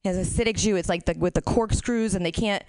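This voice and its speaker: A woman's voice: mid-range voice, quick pace, a little mellow, clear, resonant tone, dry recording. A woman doing a stand-up set, telling crude stories candidly and laughing at her own jokes. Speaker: stand-up comic.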